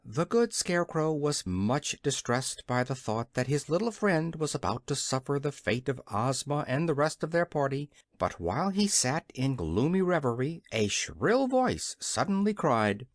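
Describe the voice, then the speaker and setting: An audiobook narrator reading a classic children's story in a scripted storybook style. The pitch rises and falls a great deal, and the recording is dry and close, with no room sound. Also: moderate pace, few pauses, no echo. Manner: expressive, animated reading.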